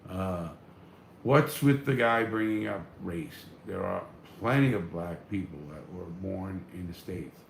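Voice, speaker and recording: A man's voice: sits low, measured pace, creaky, echoey room, a little hiss or hum. A man hosting a casual live stream, reading viewer comments and answering in a blunt, profane, fired-up way.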